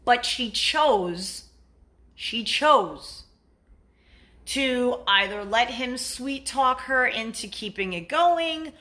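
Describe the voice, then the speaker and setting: A woman dating coach talks straight to the camera in a casual vlog. Her voice is bright and forceful, pitched a touch high, and she takes her time. She is blunt and profane, slipping into what partners say to make her point. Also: expressive, drawn-out words. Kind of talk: casual advice vlog monologue.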